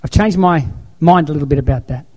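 A man's voice: a little high, fast talker, a little mellow. A man preaching a sermon as pastor, telling stories in an emphatic, repetitive way.

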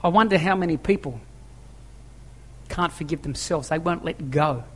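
Here a husky, fairly bright, fairly high-pitched male pastor addresses his congregation at a moderate pace. His preaching is emphatic, full of repeated phrases and rhetorical questions, and the church hall lends a long, echoing reverb.

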